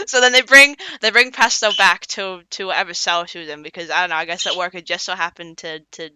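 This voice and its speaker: A woman's voice: medium pitch, fairly even intonation, quick pace, hardly any pauses, pushed and bright, clean tone, no room sound. A woman streamer casually retelling a story, rambling with many restarts and acting out the characters' lines. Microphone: desk streaming mic. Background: faint pop music.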